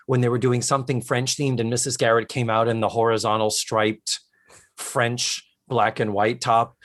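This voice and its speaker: A man co-hosting a podcast in casual chat, animatedly retelling comedy scenes and quoting lines. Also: mid-range voice. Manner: animated retelling of scenes with quick quoted voices. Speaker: podcast co-host.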